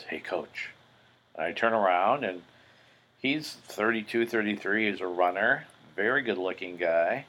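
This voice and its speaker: Man, very low voice, middle-aged, casual podcast storytelling, rambling and profane. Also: a bit bright, poor audio. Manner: rambling, profane, many fillers. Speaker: podcast host.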